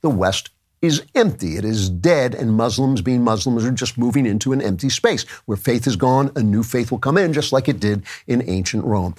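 A man hosting his own podcast, delivering an emphatic political commentary monologue in a conversational manner, with asides and quick self-corrections. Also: mid-range voice, expressive, darkish tone. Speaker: podcast host.

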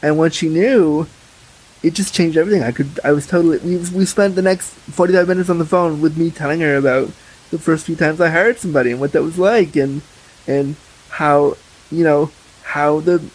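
A man's voice: a little high, a little fast, a little mellow, low-quality recording. A young man talking frankly and chattily as a podcast guest, full of fillers. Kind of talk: candid casual conversation.

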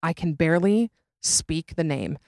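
A young woman hosts a casual podcast, talking in a chatty, dramatic way and laughing often. Her voice sits a little low. The sound is dry and close, with no room around it. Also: lively intonation, a little slow, gravelly, a little mellow, no room sound. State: pregnant. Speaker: podcast host. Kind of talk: casual chat.

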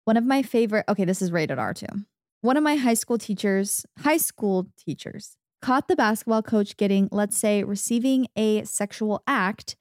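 Animated young woman telling stories. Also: normal speed, dry recording, studio quality. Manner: animated storyteller, mimics people in high voices. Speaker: podcast co-host. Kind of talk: casual chat.

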